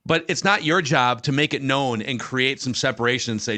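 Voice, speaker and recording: An American man with a middle-pitched voice hosting a podcast, weighing the arguments point by point in a measured, analytical way. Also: pushed and bright. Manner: analytical, reasons through quotes. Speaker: podcast host. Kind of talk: casual chat.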